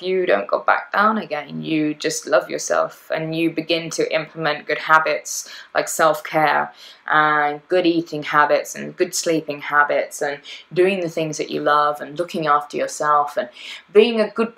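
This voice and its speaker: A woman's voice: lowish voice, a bit bright, rough recording. A woman life coach talking bluntly in a podcast monologue, acting out inner voices as she goes.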